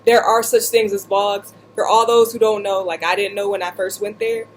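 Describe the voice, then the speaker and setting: Woman vlogger telling a funny story, super animated, does little voices and asides, sitting indoors. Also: medium pitch, normal speed, a little hiss or hum. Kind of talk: humorous personal storytelling. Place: indoors, seated.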